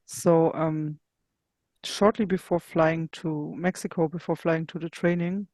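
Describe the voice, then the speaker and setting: A woman being interviewed who tells a candid personal story in a searching way, often pausing to find her words. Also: low voice, fairly even intonation, a little mellow, no echo. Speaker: interview guest.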